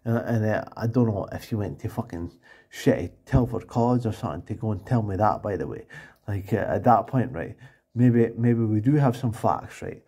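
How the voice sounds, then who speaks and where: A Scottish man with a husky, low voice and a mellow, dark tone. He rambles through a casual monologue and keeps tagging his lines with "eh?" and "and that". His delivery is loose and meandering. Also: expressive, moderate pace.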